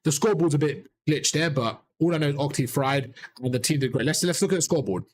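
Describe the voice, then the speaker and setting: Man, worn-out voice, quick excited coaching, live game review commentary, young adult, higher pitch. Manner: excited, rapid coaching talk to players and chat. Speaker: esports coach and streamer.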